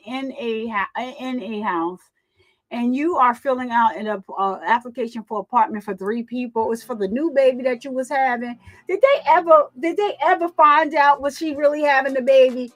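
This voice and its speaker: Woman, high voice, casual livestream crime commentator, emphatic and repetitive, faint music underneath. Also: fairly bright tone. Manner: emphatic, repeats words, talks back to chat.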